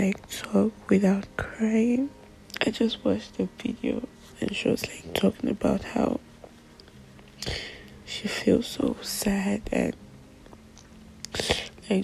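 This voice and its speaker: An 18-year-old woman crying as she whispers a halting diary voice note into her phone. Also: medium pitch, creaky, a little mellow, slight background noise, low-quality recording.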